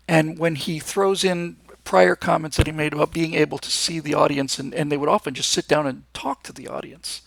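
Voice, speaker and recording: A man's voice: a little high, vocal fry, no room sound. A man hosting a live show, talking in a casual, enthusiastic and rambling monologue, with frequent restarts. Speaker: host.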